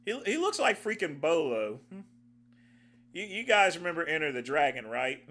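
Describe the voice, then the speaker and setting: Animated, bright-voiced livestream host. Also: male voice, a little high, normal speed. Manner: animated, joking asides. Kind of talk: reacting on a livestream.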